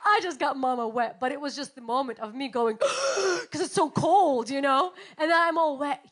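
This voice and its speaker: A woman in her thirties preaching a sermon, telling stories and acting out quotes with big swings in loudness. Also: high voice. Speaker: pastor.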